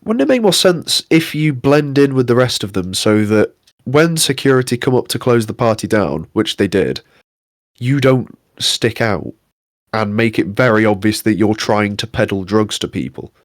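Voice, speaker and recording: A man's voice: fairly low pitch, lively intonation, normal speed, no echo, studio quality. Sweary young man ranting. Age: young adult. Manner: sweary, exasperated ranting with mock impressions. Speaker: podcast co-host. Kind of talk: casual ranting chat.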